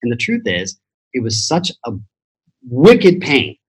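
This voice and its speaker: A man's voice: medium pitch, wildly swooping pitch, slow, slightly rough, rough recording. A middle-aged man, a podcast guest, telling personal stories in a blunt, profane motivational style. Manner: blunt, profane, acts out voices in quotes. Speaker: podcast guest, transformation teacher. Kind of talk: motivational storytelling.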